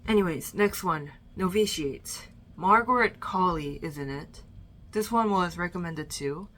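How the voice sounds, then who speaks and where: A woman's voice: on the low side, a little slow, fairly bright tone. A young woman ranking movies she has watched in a casual, rambling chat from her bedroom, a little out of breath. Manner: chatty, rambling, fillers and trailing restarts. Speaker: vlogger.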